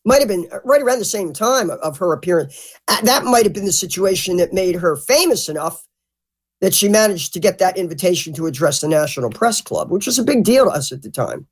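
A woman's voice: on the low side, fairly quick, husky. A woman talking bluntly and profanely as a guest in a casual interview. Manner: animated, mimics others. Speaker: podcast guest.

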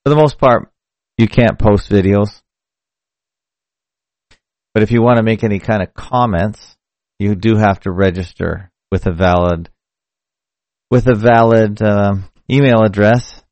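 Low-voiced man hosting a rambling stream. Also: fairly even intonation, a little slow, long pauses, a little mellow, no echo. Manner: rambling, conversational, self-correcting. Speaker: podcast host. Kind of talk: casual solo live-stream talk. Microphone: mic through a hardware audio box.

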